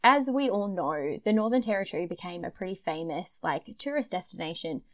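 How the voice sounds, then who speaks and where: A woman's voice: lively intonation, a little fast, lo-fi sound. Chatty Queensland-accented woman podcaster. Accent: Australian, Queensland. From Queensland, Australia. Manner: chatty, enthusiastic, drops to a low murmur when telling stories. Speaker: podcast co-host. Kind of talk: casual chat.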